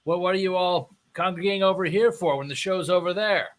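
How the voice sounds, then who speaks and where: A man playing a tabletop game, talking haltingly with many restarts and fillers. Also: sits high. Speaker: player.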